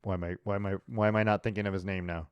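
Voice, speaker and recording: A man's voice: on the low side, little pitch movement, rapid-fire, lo-fi sound, a little hiss or hum. A man hosting a sports podcast, chatting casually and rambling with restarts and laughs.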